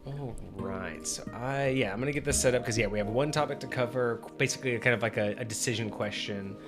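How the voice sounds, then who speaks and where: A man's voice: mid-range voice, fairly quick, over music. A man hosting a casual tabletop gaming livestream, rambling and restarting his sentences, with "like" in nearly every line. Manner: rambling, heavy use of "like" and restarts. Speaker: host of a tabletop gaming stream.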